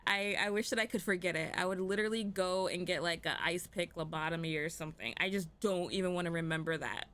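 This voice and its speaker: A woman hosting an online comedy panel in casual chat, talking fast and loose with lots of fillers and laughs. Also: fairly low pitch, fairly bright tone. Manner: chatty, laughs often, many "like" fillers. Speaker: panel host.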